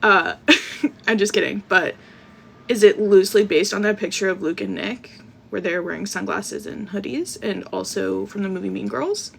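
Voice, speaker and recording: A woman's voice: medium pitch, normal speed, gravelly, fairly bright tone. A young woman hosting a casual livestream, chatty, bubbly and self-deprecating, talking into a phone with an earbud mic. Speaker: podcast host reading live.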